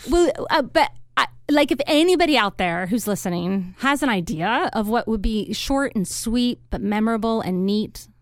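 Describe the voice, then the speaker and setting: A woman from California talks with an easy, chatty warmth and breaks into frequent laughter. Her voice is a touch higher than most women's. The sound is close and dry, with no room echo. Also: expressive, moderate pace, hardly any pauses. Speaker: real estate agent guest. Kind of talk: casual chat.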